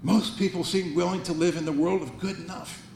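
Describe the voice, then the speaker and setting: A man's voice: sits high, fairly even intonation, fairly quick, gravelly, darkish tone. Older man giving an earnest banquet speech. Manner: earnest, wry, with frequent restarts. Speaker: banquet speaker. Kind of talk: motivational speech. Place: banquet hall. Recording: roomy hall, faint noise.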